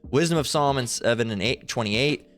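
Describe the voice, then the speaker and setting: A man's voice: mid-range voice, fairly quick, fairly bright tone, soft background music. A man giving angry reaction commentary, profane and heated, quoting scripture between insults. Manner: quotes scripture. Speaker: online commentator.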